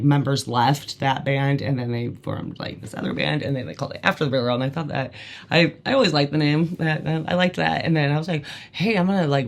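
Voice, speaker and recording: This is a podcast host recounting personal memories in a candid, conversational way. The voice sits at a middling pitch with a gravelly edge, and the delivery wanders with frequent fillers before landing emphatic points. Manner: casual, rambling, many "like" fillers, emphatic.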